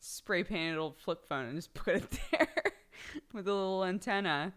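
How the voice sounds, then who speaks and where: A woman's voice: lowish voice, unhurried, a bit bright, smooth. A young woman chatting casually on a live stream, laughing often and swearing offhandedly.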